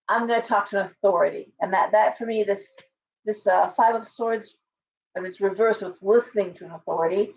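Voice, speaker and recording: A woman giving a casual live tarot reading, blunt and chatty, full of asides and restarts. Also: mid-range voice. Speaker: tarot reader. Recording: distant, dull lo-fi sound.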